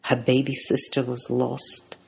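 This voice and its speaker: A storyteller giving a measured, dramatic reading of a fairy tale. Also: mid-range voice, completely flat delivery, gravelly, a little hiss or hum. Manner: measured, dramatic read-aloud delivery.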